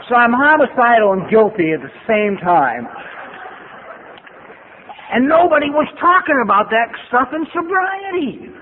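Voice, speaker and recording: Older guy, high-ish voice, swears a lot, funny, sounds like an old phone-line tape. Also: moderate pace. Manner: blunt, profane, wry storytelling with animated bursts. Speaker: recovery meeting speaker. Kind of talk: personal testimony talk with storytelling. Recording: phone-like lo-fi archival tape with faint hiss.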